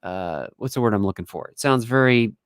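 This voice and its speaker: Low lively woman host chatting on a live stream, dry close sound, laughs a lot. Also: brisk, no room sound. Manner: chatty, laughing, reads out translations. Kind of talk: casual live stream chat.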